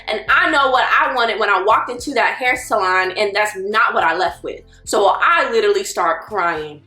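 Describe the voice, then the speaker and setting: A woman, telling a personal story as a vlogger in an animated, exasperated way. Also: on the high side, normal speed, hardly any pauses, reverberant, faint music behind. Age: 20s. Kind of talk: storytelling vlog.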